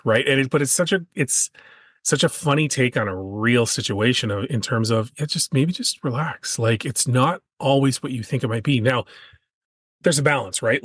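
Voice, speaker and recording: Man podcast host, slightly husky, chatty storyteller, dry close mic. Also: mid-range voice, dry recording. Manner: storytelling, animated when quoting others. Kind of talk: casual conversational chat.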